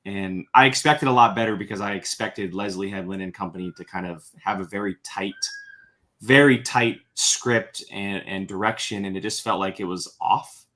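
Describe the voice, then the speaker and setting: A man appearing as a podcast guest, talking earnestly and hesitantly, often pausing and restarting as he reviews a show. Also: fairly low pitch, sharp tone. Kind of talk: casual review chat.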